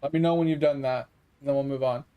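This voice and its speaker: A man's voice: medium pitch, steady tone, fast talker, mellow, clean tone. A young man giving casual gameplay commentary as a streamer, frustrated and swearing while he talks to his chat. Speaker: gaming streamer.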